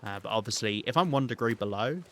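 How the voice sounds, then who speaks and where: A man's voice: medium pitch, animated, fast, slight background noise. A British man streaming a survival game, rambling and thinking aloud as he plays, with many ums and restarts. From Britain. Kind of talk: live gameplay commentary.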